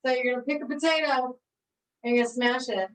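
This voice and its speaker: A woman's voice: high voice, fairly even intonation, fast, far from the mic, poor audio. A woman leading a live online cooking class, bubbly and encouraging, laughing often as she talks her students through each step. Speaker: recreation therapy cooking instructor.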